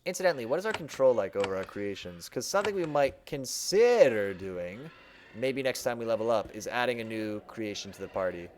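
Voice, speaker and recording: A young man chats through a video game as he plays, thinking out loud in a loose, self-mocking way. His voice sits at a middle pitch. A faint hiss and some mouse clicks sit under his desk mic. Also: sing-song, brisk. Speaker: game streamer. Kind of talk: casual let's-play commentary. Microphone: desk microphone.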